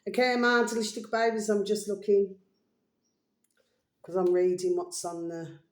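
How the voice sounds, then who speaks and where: A woman's voice: mid-range voice, level tone, normal speed, a little mellow. A woman vlogging in a rambling, casual way, affectionately addressing her viewers as her babies, with many fillers and half-finished thoughts. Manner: fond, chatty, calls viewers "my delicious babies"; frequent fillers and trailing thoughts. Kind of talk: rambling casual monologue to camera. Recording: roomy, echoey sound.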